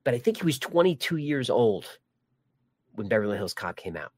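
A man's voice: medium pitch, big pitch swings, normal speed, dry recording. A man hosting a live stream, chatting casually and joking while reading viewer comments. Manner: rambling, jokey, many restarts. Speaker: livestream host.

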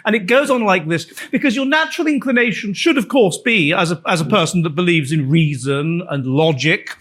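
A man from England presents his book to a live audience with a noticeably high voice. He lectures in a wry, storytelling way. He often halts and starts his sentences again. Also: animated, a little fast, a bit bright.

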